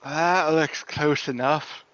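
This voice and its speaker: A man voicing a gruff, crude, drunk male sheriff in a tabletop game, talking slowly with plenty of swearing. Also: a little high, steady tone, fairly bright tone, no echo, muffled recording.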